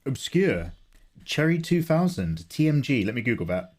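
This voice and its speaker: A man's voice: mid-range voice, big pitch swings, moderate pace, darkish tone. Sleepy english guy chatting on his art stream, voice bounces up and down a lot. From England. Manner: chatty, greets viewers, self-deprecating jokes. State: sleepy, low energy. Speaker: livestream host, illustrator. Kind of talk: casual livestream chat.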